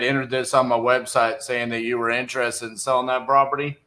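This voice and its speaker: A man's voice: medium pitch, level tone, brisk, few pauses, pushed and bright, rough recording. A young man in casual livestream talk, blunt and conversational, with frequent fillers, between cold calls to sellers. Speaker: real estate wholesaler.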